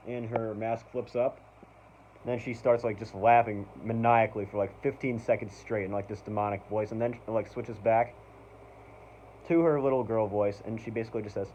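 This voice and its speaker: Rambling enthusiastic man, low voice. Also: dark tone, slight background noise. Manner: rambling, full of "like", "um" and "basically"; enthusiastic fan. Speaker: channel host. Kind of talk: casual review vlog. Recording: dull lo-fi recording.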